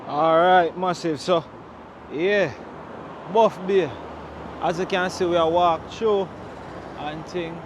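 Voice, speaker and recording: A man with a Jamaican accent, narrating a walking tour outdoors on a town street, chatty and full of patois shout-outs. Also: fairly high pitch, fairly even intonation, takes it slowly, pauses often, noisy background.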